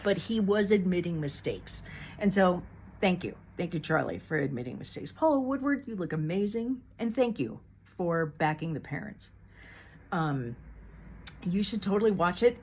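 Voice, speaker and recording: A woman's voice: fairly low pitch, slight background noise. Blunt, swearing woman vlogger. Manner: blunt, heated, swears often. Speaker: true crime vlogger. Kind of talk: casual opinionated commentary.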